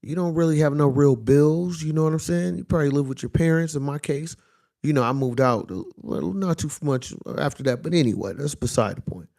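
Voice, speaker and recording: A man's voice: on the high side, fairly quick, vocal fry, mellow. A young adult man, giving a casual motivational monologue and often checking in with "you feel me?". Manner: conversational, repeats "you know what I'm saying" and "you feel me". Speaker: motivational speaker.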